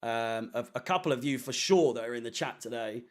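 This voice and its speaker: A man with a mid-range voice, speaking a little fast, hosts a fan channel watchalong stream. He chats casually with the live chat and reads comments, rambling with fillers and the odd swear word.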